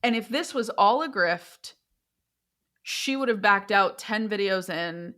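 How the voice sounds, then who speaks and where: A woman's voice: medium pitch, measured pace. Woman therapist telling a story on a podcast. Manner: storytelling, animated when quoting. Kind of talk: casual podcast chat.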